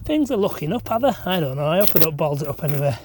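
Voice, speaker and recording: A man's voice: a little high, very animated, very fast. A man, rambling and self-deprecating as he chats to camera while laying blocks on an outdoor building site. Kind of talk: casual vlog chat while working. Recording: noisy outdoor recording.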